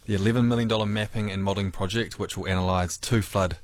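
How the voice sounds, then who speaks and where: Deep-voiced New Zealand newsreader. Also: male voice, fast talker, dry recording. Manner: steady news read with casual asides. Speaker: news presenter. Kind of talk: reading news headlines on radio. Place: radio studio. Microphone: studio microphone.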